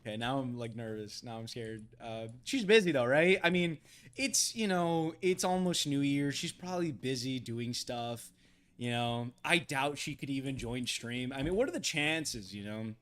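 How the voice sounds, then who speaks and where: A man's voice: mid-range voice, lively intonation, unhurried, a bit bright. A man live-streaming a game, chatting casually in a flustered, stammering way and laughing often.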